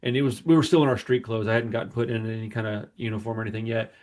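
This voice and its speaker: A man's voice: on the low side, rapid-fire. A man on a podcast telling a long personal story in casual chat, rambling and acting out the people he quotes. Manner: rambling, animated retelling with quoted voices. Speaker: podcast host.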